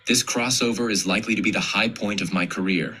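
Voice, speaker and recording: Low guy reading quotes out loud, bright but husky. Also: quick pace, low-quality recording. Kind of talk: reading press quotes aloud.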